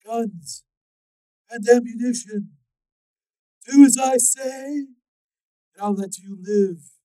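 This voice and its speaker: A man voicing a menacing cyborg man with glowing red eyes in an audiobook, giving slow, loud, threatening commands. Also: very high voice, no echo, voice pushed up, heavily acted, low-quality recording. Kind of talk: audiobook character voice.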